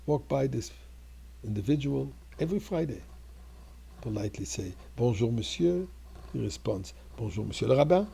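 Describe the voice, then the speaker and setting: An older male rabbi preaches and tells a story in a low, gravelly, husky voice. His tone is dark and mellow. He speaks earnestly and builds to fervent peaks. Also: animated, moderate pace. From Montreal. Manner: earnest, rising to fervent exclamations. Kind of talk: storytelling sermon.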